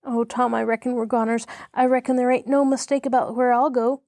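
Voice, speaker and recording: A woman voicing a ragged, superstitious village boy who speaks in an anxious, rough country drawl. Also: a little high, level tone, a little fast, a little mellow, no room sound, clean studio sound, pitched above the performer's own voice, close to an everyday voice. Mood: despairing.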